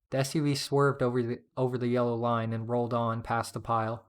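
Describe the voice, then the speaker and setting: A man's voice: medium pitch, monotone, fairly quick, few pauses. Man reading a story aloud. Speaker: narrator reading fiction. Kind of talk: first-person story reading.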